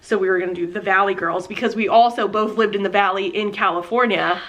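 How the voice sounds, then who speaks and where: Woman, Philadelphia accent, podcast co-host, casual chat, animated, laughs a lot. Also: medium pitch, fast talker, rough recording. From United States. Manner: animated storyteller, laughs often.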